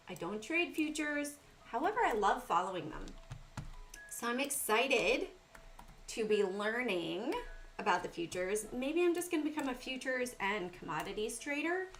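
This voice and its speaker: A woman's voice: on the high side, fairly bright tone. Chatty Southern woman reading stock charts. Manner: chatty, talks to chat viewers by name. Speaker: livestream trading host. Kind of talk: casual livestream chart commentary.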